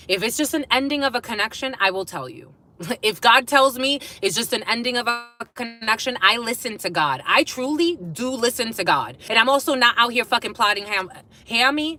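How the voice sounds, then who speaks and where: A slightly high, pushed and bright voice belongs to a tarot reader doing a collective reading to camera. She speaks bluntly and swears, interrupting herself with laughs as messages come in.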